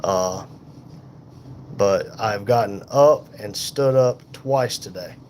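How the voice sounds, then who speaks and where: A man in pain and tired, hosting a casual livestream from a hospital room on a phone, reading viewer comments aloud in an unhurried, folksy way. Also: on the low side, darkish tone, a little hiss or hum. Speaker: livestream host reading chat. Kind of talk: casual live chat.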